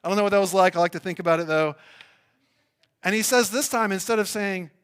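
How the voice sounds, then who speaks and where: A man's voice: high voice, fast, fairly bright tone, smooth. Man preaching a casual sermon. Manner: conversational preaching with fillers and restarts. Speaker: pastor. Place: church.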